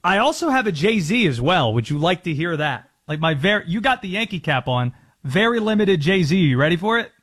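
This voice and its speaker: A man's voice: sits high, big pitch swings, moderate pace, fairly bright tone, breathy edge. A man hosting a sports radio show, chatting casually and joking around about impressions. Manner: playful, jokey, teases impressions.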